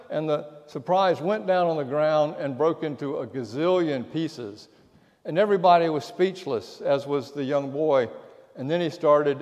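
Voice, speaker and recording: A pastor delivering a sermon, telling stories and dropping to a hush at the key lines. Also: male voice, a little high, highs cut off. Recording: long church reverb.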